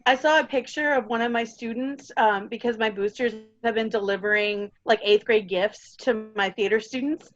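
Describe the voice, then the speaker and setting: A woman's voice: a little high, normal speed, hardly any pauses, highs cut off. A woman who teaches theater, eagerly sharing a story in a casual group chat.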